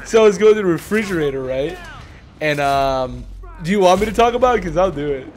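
A man's voice: fairly high pitch, expressive, a little fast, darkish tone, a little hiss or hum. A young man chatting while gaming, telling rambling, profane stories with lots of laughing, recorded at home on a desk mic. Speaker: video uploader and player. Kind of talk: casual gaming chat. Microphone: home desk mic, audio only.

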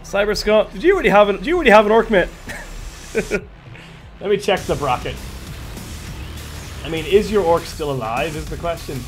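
A man commentating a live game stream with excitable energy and a slightly strained voice, thanking viewers as he goes. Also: high voice, fairly quick, long pauses, faint music behind.

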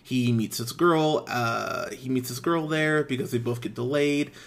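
A man's voice: medium pitch, measured pace, vocal fry. A man hosting a movie podcast, recapping a comedy's plot in a casual, blunt and exasperated way, with frequent swearing and lots of "um" and "uh". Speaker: podcast host, film reviewer. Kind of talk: casual movie review, unscripted.

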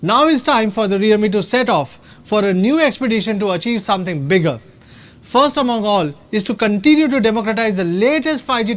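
A man giving a proud, rallying scripted keynote as a company executive at a product launch. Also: high-pitched. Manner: proud, rallying, slightly stilted phrasing.

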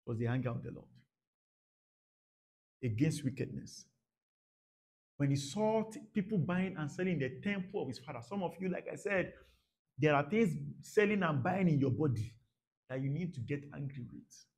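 A man preaching a sermon, dramatic, dropping to soft murmurs and then bursting out, repeating phrases for emphasis. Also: on the high side, lively intonation, normal speed, pauses often. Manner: repeats phrases for emphasis, laughs at his own points. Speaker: pastor.

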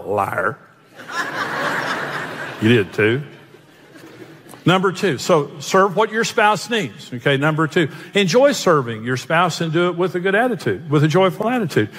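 A man's voice: sits high, lively intonation, moderate pace, fairly bright tone. A male pastor preaching a sermon, telling jokes and self-mocking stories. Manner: joking, self-mocking storyteller. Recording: long hall reverb.

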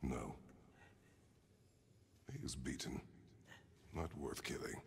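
An actor voicing a grim, terse warrior god and father, giving clipped commands in a deep gravelly voice over a game score. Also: big pitch swings, slow pace, a little hiss or hum, exaggerated voice. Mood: stern.

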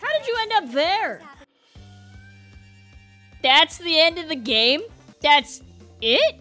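Woman gamer, very high and bright, unhurried, exclaiming in exasperation over faint game music. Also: big pitch swings. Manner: exasperated, exclaiming, says "bro" a lot. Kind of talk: let's-play commentary.

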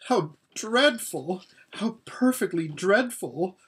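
A man voicing a frightened, whimpering young noblewoman in a storybook reading, squeaky and tearful. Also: animated, measured pace, husky, exaggerated voice. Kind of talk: storybook read-aloud.

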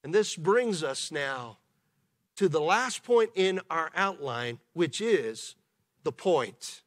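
A man preaching a sermon as pastor, in a measured way with slow, emphatic pauses. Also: high voice, a bit bright. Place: church.

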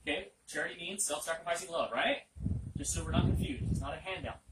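A man's voice: on the high side, fast. A man preaching an interactive Bible lesson, asking listeners questions and repeating their answers back. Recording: echoey room, distant mic, loud noise.

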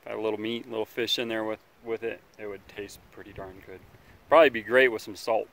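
A man hosting a casual outdoor survival vlog, talking in a relaxed, rambling way by a campfire, sometimes chewing as he speaks. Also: lowish voice, fast talker. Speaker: outdoor survival channel host.

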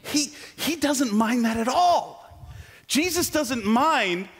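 A man preaching a sermon in a church, animated and joking, with self-deprecating asides. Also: very high-pitched, takes it slowly, slightly rough, big-room sound. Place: church sanctuary.

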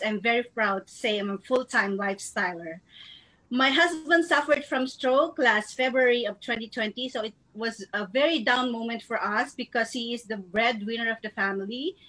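A woman's voice: fairly high pitch, bright, forceful tone, rough recording. A woman from the Philippines giving an earnest, emotional testimonial speech as a marketing director, holding back tears.

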